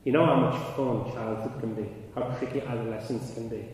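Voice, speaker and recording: At a conference, a man with a mid-range voice tells a story a little fast, rising and getting louder as he goes. The mic picks him up from afar in a big, echoey hall with a long ringing tail, and steady noise runs underneath.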